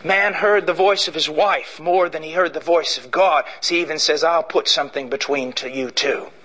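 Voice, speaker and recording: A preacher from Illinois delivering an impassioned sermon. He swings between shouted declarations and low, intense passages. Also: moderate pace, rough recording. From Illinois, USA. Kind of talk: fiery sermon.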